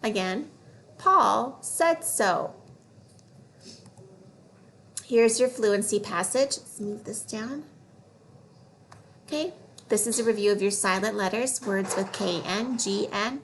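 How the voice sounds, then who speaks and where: A woman teaching a phonics lesson to young children, slowly sounding out letters and words one by one. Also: medium pitch, slight background noise.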